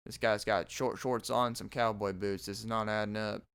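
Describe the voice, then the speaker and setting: A bigoted tough guy gapes at the scene in a lowered, dumbfounded drawl, as a man puts him on. He sounds stunned and slow. The voice stays smooth. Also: fairly even intonation, fairly bright tone. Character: baffled redneck racist man, slow and dumbfounded.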